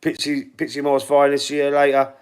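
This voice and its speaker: This middle-aged football channel host, Cockney-accented from London, casually goes through predictions on a livestream and reads out viewer comments, stumbling and repeating words. His voice is a little high and smooth, fairly quick, with a completely flat delivery.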